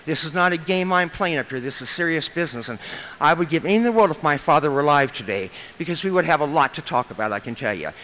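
Nebraska-raised woman in her 50s at a podium, rattles off funny stories quick, bright forceful voice, folksy and chatty. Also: deep voice, a little hiss or hum, rough recording. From Lincoln, Nebraska. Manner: chatty, folksy, humorous, addresses crowd as you guys. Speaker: recovery meeting speaker. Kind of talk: storytelling talk at a podium.

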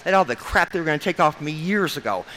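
An older woman speaks at a podium mic in a meeting room, telling her recovery story. Her voice is forceful and bright, and she has a frank, folksy, joking way of talking. She keeps calling the crowd "you guys.". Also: sits low, animated, fast talker, slight background noise. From Nebraska, US.

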